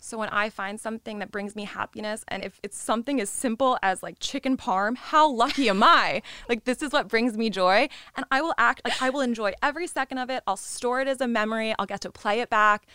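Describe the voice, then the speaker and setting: A woman's voice: a little high, brisk, few pauses, clear, resonant tone, no echo, clean studio sound. Candid, swearing young woman chatting. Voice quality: candid, swears freely, lively quoting. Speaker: podcast guest. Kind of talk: casual chat.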